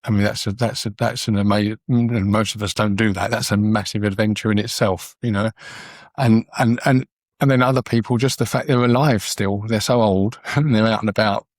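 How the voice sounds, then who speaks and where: A man's voice: on the low side, fairly even intonation, normal speed, no echo, clean studio sound. A man, a documentary photographer telling stories as a podcast guest in an earnest, rambling way. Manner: rambling, frequent restarts, earnest. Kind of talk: casual conversational storytelling.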